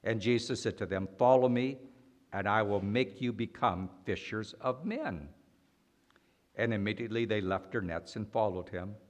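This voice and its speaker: A man preaching a sermon, slow and deliberate, swinging between loud emphatic lines and quiet ones. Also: on the low side.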